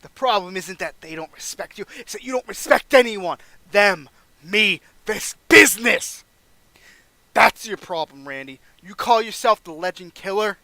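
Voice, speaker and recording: A man's voice: high-pitched, fairly quick, few pauses, no room sound. A man voicing an older male wrestling veteran giving an impassioned, defiant speech in a wrestling game playthrough. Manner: impassioned, builds to shouting.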